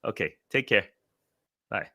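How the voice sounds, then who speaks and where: A man hosting a livestream in a friendly, relaxed way, thanking guests and bringing on the next group. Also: a little slow, no echo, studio quality. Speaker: livestream host.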